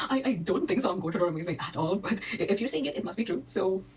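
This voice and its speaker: A woman's voice: medium pitch, lively intonation, fast talker, distant mic, slight background noise, low-quality recording. A young college student woman, answering viewer questions in a casual, rambling, self-deprecating way while she has a cold. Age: young adult. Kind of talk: casual Q&A vlog. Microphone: phone.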